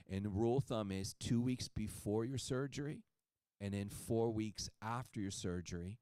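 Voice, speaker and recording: A man's voice: deep voice, warm tone, clean tone, dry recording. A man presenting at a clinic, giving an upbeat, persuasive sales talk that he keeps checking with "okay?" and "right?". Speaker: clinic presenter pitching a supplement.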